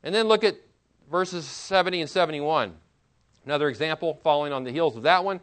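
A man's voice: on the high side, a little fast, a bit bright. Man preaching a sermon. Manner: expository preaching, reads scripture aloud and comments; conversational asides, chuckles. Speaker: pastor.

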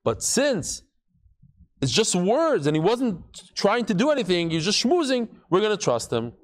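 Lively, high-pitched male Talmud teacher, playing out stories in class. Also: normal speed. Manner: animated, acts out quotes with shifting voices and jokes.

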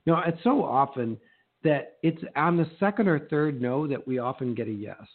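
A middle-aged man coaching real estate agents in a motivational talk, lively and acting out little exchanges in shifting voices. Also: mid-range voice, normal speed. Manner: animated, acts out quoted exchanges in changing voices. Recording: narrow phone-like sound.

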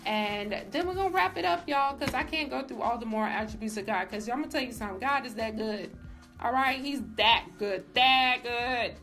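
A woman's voice: fairly high pitch, brisk, vocal fry, a bit bright, faint music behind. A young woman giving a casual personal faith testimony, emphatic and filled with "like", as a show host. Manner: casual, emphatic, says "like" often. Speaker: faith vlogger.

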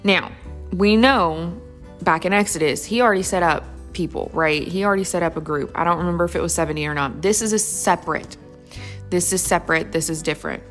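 A woman's voice: fairly low pitch, a little fast, a bit bright, faint music behind. A woman teaching a casual Bible study, chatty and enthusiastic, thinking aloud as she goes through the passage.

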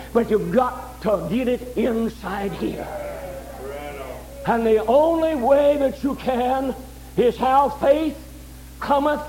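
High-voiced older man preaching a sermon. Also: a little slow, darkish tone, a little hiss or hum, rough recording. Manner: folksy, repeats phrases, asks "all right?".

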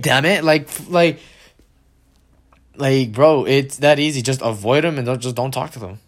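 A young man ranting casually and with much profanity, often mimicking people in mocking, higher voices. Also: moderate pace.

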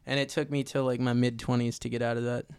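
A man's voice: medium pitch, little pitch movement, fast talker, darkish tone, clear, resonant tone, dry recording. A man in his twenties, a podcast guest talking loosely and profanely in a casual chat. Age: 20s. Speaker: guest recording artist.

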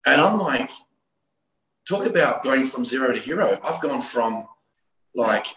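A man from Australia, middle-aged or older, telling his personal story of religious conversion as a guest, earnest and full of halting restarts. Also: medium pitch, lively intonation, a bit bright. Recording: roomy echo.

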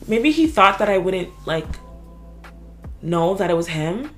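A young woman co-hosting a podcast, telling an animated story in casual chat, full of "like" and swearing. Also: medium pitch, a little slow, faint music behind. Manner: animated storytelling, swears a lot, heavy filler "like".

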